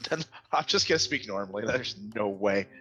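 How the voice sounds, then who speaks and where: Animated, higher-voiced male player. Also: normal speed, music in the background. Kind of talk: casual tabletop play.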